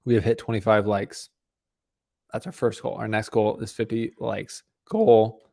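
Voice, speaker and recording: A man hosts a live watch-along stream with a low, gravelly voice. His commentary is casual and rambling. He drifts between play-by-play and chatting with viewers. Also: little pitch movement, measured pace, a little mellow. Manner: casual, rambling, talks to chat. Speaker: stream host. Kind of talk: live match commentary and chat.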